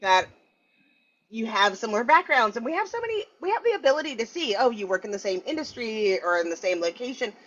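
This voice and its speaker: A woman's voice: a little high, fast. A woman co-hosting a podcast, chatting casually and telling stories with animation. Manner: animated, storytelling. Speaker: podcast co-host. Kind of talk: casual chat. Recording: dull lo-fi audio.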